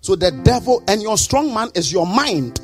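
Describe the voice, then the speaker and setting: A male pastor preaching a sermon in a rhythmic, sing-song way, breaking into emphatic shouts. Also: high voice, very animated, moderate pace, faint music behind.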